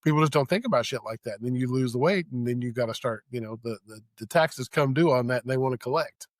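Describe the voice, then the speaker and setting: Fast-talking joking man. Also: medium pitch, no room sound, studio quality. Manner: animated, joking, does mocking voices. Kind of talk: casual chat.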